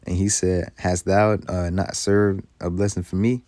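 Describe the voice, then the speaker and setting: A man teaching from the Bible, reading old scripture slowly and then explaining it in loose, casual, emphatic speech. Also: low voice, flat delivery, mellow, no echo. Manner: heated, emphatic commentary.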